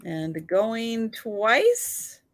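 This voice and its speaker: Running a live-stream photo sale, this woman is chatty and giggly, laughing in between comments. She speaks very slowly in a slightly high voice whose pitch swoops wildly.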